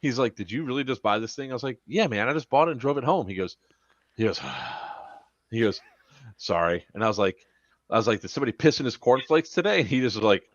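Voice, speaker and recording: A man's voice: mid-range voice, lively intonation, fast, no room sound, muffled recording. A man hosting a podcast, telling a story in casual chat, profane and laughing as he goes. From Florida. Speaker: podcast host.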